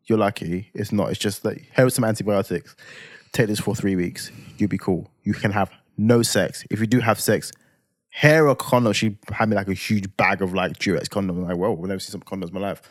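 A man in his twenties with a London accent, telling a story on a podcast in casual chat, animated and swearing freely. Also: fairly low pitch, brisk, no echo, studio quality. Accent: London English. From England. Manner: animated, swears freely, acts out heated quotes. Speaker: podcast co-host.

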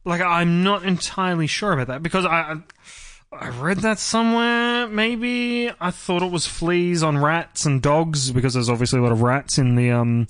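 A young Australian man co-hosting a podcast, casual chat with a joking, deadpan humor. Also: fairly high pitch, normal speed, clear, resonant tone, no echo, studio quality. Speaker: podcast co-host.

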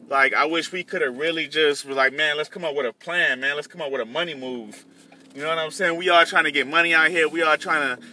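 A man's voice: a little high, sharp tone. A young man hosting his own podcast while out on delivery runs, talking in a loose, rambling way with many restarts. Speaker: podcast host and delivery driver. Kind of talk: casual rambling monologue.

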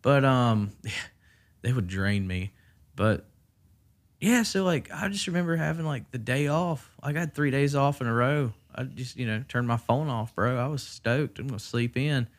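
Podcast co-host, male, mid-range pitch, swears freely and tells his stories with lively voiced quotes. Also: normal speed. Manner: profane, animated storytelling with voiced quotes. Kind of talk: casual chat.

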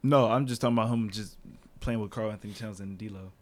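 A man in a casual chat about basketball who jokes around and talks in slang. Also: lowish voice. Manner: quick, joking, slangy.

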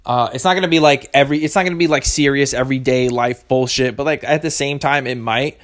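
A man's voice: mid-range voice, quick pace, fairly bright tone. A young man hosting a solo podcast, rambling casually with lots of swearing and self-contradiction. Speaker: podcast host.

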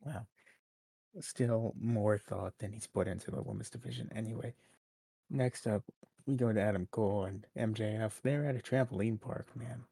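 A young man co-hosting a podcast, joking in a dry, deadpan way. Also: on the low side, moderate pace, gravelly, slightly rough, no echo. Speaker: podcast co-host. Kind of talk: casual chat.

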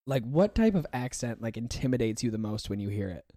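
A man's voice: medium pitch, very animated, fairly quick, warm tone. A young American man hosting a podcast, chatting casually with a loose, joking manner, swearing and laughing often. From United States. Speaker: podcast host.

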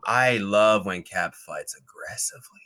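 A man's voice: on the low side, measured pace, sharp tone, dry recording. A man chatting casually about movies, enthusiastic and jokey.

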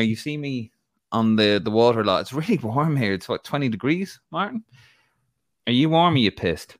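A man's voice: medium pitch, big pitch swings, a little fast, no echo, clean studio sound. An Irish man co-hosting a casual live football chat show, joking, rambling and laughing as he talks. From Ireland. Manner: jokey, rambling, laughs often. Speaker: podcast co-host.

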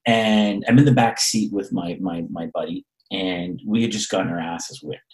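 Deep-ish male storyteller, animated, acts out other people's lines. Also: normal speed, low-quality recording. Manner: animated, acts out quoted voices, repeats words. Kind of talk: storytelling in casual chat.

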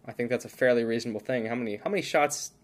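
Fast-talking joking man co-hosting a podcast. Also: medium pitch. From United States. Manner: joking, quick banter. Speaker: podcast co-host. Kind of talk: casual chat.

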